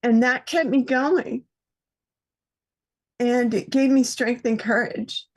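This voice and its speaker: A woman on an online call sharing personal experience in a heartfelt, halting way. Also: fairly high pitch, steady tone. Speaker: panel participant. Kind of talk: casual online chat.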